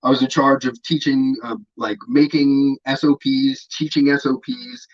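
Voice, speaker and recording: Man, interview guest, casual storytelling, profane, rambling, mid pitch, muffled audio. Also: level tone, measured pace. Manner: laid-back, profane, rambling with many fillers.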